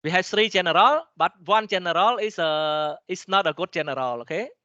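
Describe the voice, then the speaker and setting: Cambodian-accented man teaching, fast and bright. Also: sits high, no room sound, highs cut off. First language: Khmer. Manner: halting, many restarts and fillers, repeats "okay?" to check understanding. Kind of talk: lecture explaining slides, switching between English and Khmer.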